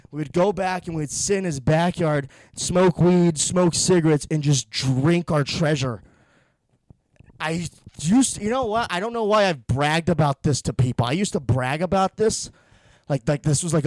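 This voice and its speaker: A man's voice: on the high side, a little mellow, no echo. A young man ranting through a profane, sarcastic comedy monologue, a little out of breath from pacing. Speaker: podcast host.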